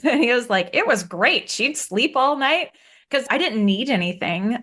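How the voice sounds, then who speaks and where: A candid woman in her thirties talks through a personal story at an ordinary middle pitch. She is frank and plain-spoken, and her voice leaps up whenever she acts out what someone else said. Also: fairly bright tone. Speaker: guest.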